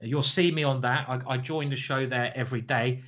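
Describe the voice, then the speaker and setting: A man in his forties hosts a chess stream and rambles to his viewers in a loose, joking way, laughing at his own anecdotes. His voice sits at an ordinary middle pitch. The stream audio is a little muffled and dull. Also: steady tone, normal speed, fairly bright tone. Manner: rambling and jokey, chuckling at his own stories. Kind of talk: casual live-stream chat. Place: home streaming setup.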